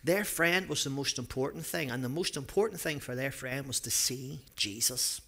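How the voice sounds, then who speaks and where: A man giving a children's talk in a church service, telling a story with lively character voices. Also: mid-range voice, vocal fry.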